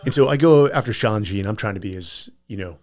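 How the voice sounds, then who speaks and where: A man speaking as a podcast guest, telling personal stories in a casual, animated way. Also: on the low side, quick pace. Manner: animated anecdotal storyteller.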